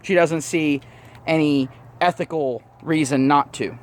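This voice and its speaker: A man's voice: fairly high pitch, fairly even intonation, unhurried, slight background noise. A man telling a story in a blunt, profane, mocking rant to his vlog audience. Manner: blunt, swears constantly, mocking retelling. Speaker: vlogger.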